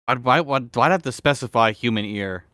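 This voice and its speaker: A man's voice: mid-range voice, brisk, bright, forceful tone, clean tone, no echo. A man streaming with a close mic, reading a fan fiction aloud in a mock-dramatic way and cutting in with sardonic jokes. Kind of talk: comedic dramatic reading with commentary.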